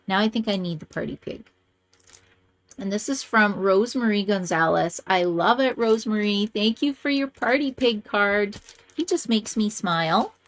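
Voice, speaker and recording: A woman hosting a card-making video, chatting casually and gushing as she shows cards to the camera. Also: moderate pace. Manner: gushing, chatty, lively swings in pitch.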